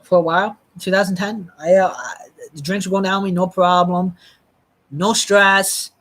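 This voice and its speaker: A live streamer telling a personal story in a rambling, halting way, with frequent restarts and blunt swearing. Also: medium pitch, fairly even intonation, a bit bright.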